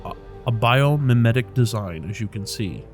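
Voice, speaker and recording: A man voicing a cultured, pleasant engineer in a video game, speaking politely in an unhurried, measured way. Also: mid-range voice, animated, faint music behind, lightly acted. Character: cultured, pleasant middle-aged man, calm drone engineer.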